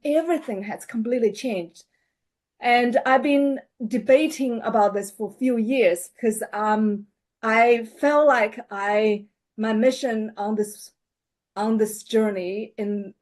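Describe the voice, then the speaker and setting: Slow, hesitant woman health coach. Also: fairly high pitch, darkish tone. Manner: hesitant, many fillers and restarts, laughs often. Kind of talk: personal introduction on a panel show.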